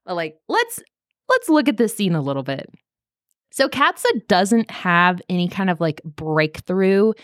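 A woman's voice: medium pitch, big pitch swings, unhurried, no room sound, clean studio sound. A woman co-hosting a book podcast, recapping the plot casually with lots of swearing and filler words. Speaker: podcast co-host. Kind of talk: casual book-club chat.

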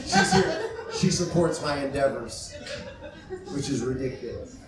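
A man's voice: mid-range voice, wildly swooping pitch, a little slow, loud music behind the voice. A man doing a rambling, self-deprecating stand-up set on a comedy club stage and then hosting the show. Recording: echoey room, mic at a distance, loud noise. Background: audience laughter.

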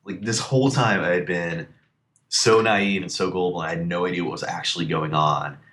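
A man's voice: sits low, fairly quick, a bit bright. A man telling a personal story in a casual chat, full of fillers and acting out what people said. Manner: rambling with many fillers, acts out quoted lines.

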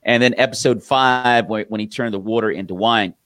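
Man, lowish voice, earnest co-host, dry close sound. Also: brisk, a bit bright, no room sound. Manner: affirming, earnest. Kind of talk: casual faith talk chat.

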